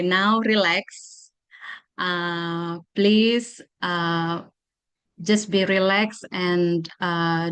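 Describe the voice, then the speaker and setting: A woman with an Indonesian accent presenting a teacher-training workshop, guiding a mindfulness exercise with slow, repetitive instructions and many pauses. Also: on the low side, fairly bright tone, clear, resonant tone. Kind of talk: guided mindfulness workshop talk.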